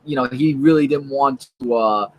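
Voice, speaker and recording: A man with a mid-pitched voice co-hosts a relaxed chat show. He speaks haltingly, filling pauses with "uh" and "you know" and often restarting his sentences. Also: low-quality recording. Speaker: co-host. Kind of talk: casual chat about comics and TV.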